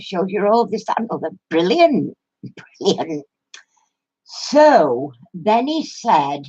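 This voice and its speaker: On a muffled, lo-fi recording, a craft vlogger with a Yorkshire accent, an older woman, tells her viewers a story and laughs a lot along the way. She speaks at medium pitch with a darkish, slightly breathy sound.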